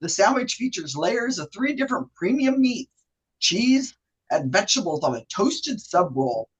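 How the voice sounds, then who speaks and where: A woman's voice: mid-range voice, sing-song, moderate pace, breathy edge, poor audio. A woman voicing a cheerful drive-through worker who reads out the menu in a sing-song way and trips over some words. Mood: perky, upselling. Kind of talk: acted drive-through order for a trivia game.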